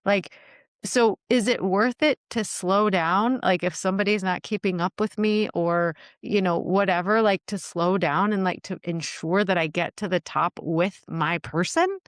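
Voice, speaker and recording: A woman's voice: mid-range voice, unhurried, dry recording, clean studio sound. A woman who is a relationship therapist, speaking reflectively in a podcast interview, with rhetorical questions and many fillers. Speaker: relationship expert and sex therapist guest. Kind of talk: casual interview chat.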